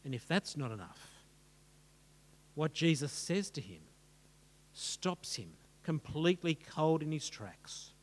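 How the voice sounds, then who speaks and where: A man preaching with a high voice and a slow, deliberate delivery. He builds one rhetorical phrase on the next. A long reverb trails after every line, as in a large hall. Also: sing-song. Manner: dramatic, rhetorical, building lists. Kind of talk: sermon.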